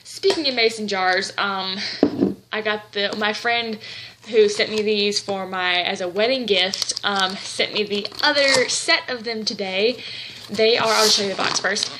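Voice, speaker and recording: A woman's voice: medium pitch, steady tone, measured pace, background noise. A young woman vlogging in a casual, rambling chat, gushing and a little tearful. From Southern United States.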